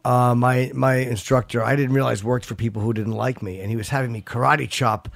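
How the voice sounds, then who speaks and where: A man's voice: mid-range voice, steady tone, brisk, creaky, dry recording. A man in casual podcast chat who jokes a lot and reads an ad live. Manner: joking, wisecracking. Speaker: podcast co-host.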